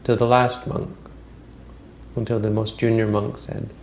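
A man's voice: lowish voice, little pitch movement, unhurried, a little mellow, a little hiss or hum, rough recording. A man retelling a Buddhist story as a teacher, in a conversational way with frequent restarts.

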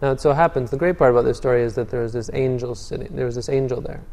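A man teaching meditation in a Buddhist dharma talk, with calm storytelling. His voice is mellow and dark. He often restarts and repeats words, and the sound trails off into a long hall reverb. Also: mid-range voice, racing, gravelly.

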